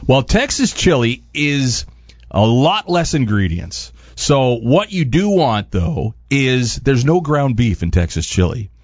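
A man's voice: medium pitch, big pitch swings, slow, dry recording, lo-fi sound. A man chatting casually through a cooking segment as a radio host and chef, rambling with plenty of fillers. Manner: rambling, easygoing, lots of fillers.

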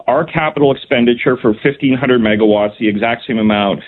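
A man's voice: medium pitch, fairly quick. A man, a provincial cabinet minister answering radio interview questions in an earnest, emphatic way, full of "um" and restarts. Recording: phone-line call-in audio.

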